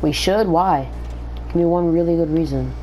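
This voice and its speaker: A woman's voice: low-pitched, normal speed, mellow, slight background noise. A woman chatting casually with friends while gaming, giggly and breathless from laughing, swearing in slangy banter. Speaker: gamer in voice chat.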